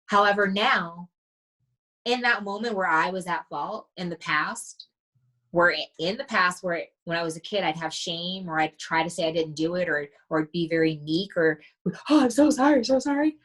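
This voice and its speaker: Woman, lower pitch, mindset coach, podcast guest, animated storytelling, acts out quoted lines. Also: normal speed, poor audio. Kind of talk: casual podcast conversation.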